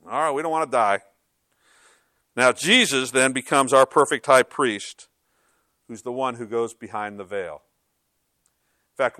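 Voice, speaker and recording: Conversational pastor preaching, dry sound. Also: male voice, medium pitch, bright, forceful tone, no echo. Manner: conversational, emphatic, rhetorical questions. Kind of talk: sermon.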